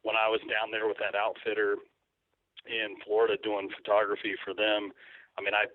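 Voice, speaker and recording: Guy on a phone line, kinda low voice, rambles a lot with ums and restarts, tinny sound. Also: monotone, normal speed, no room sound. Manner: rambling, with many fillers and restarts. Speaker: guest, hunting photographer. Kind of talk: casual interview over the phone.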